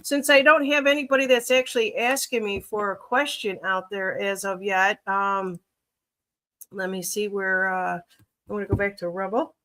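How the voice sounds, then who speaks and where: A woman's voice: mid-range voice, level tone, normal speed, sharp tone. A woman from Chicago with a Chicago accent, chatting casually on a livestream as a reader, rambling and thinking aloud with many fillers.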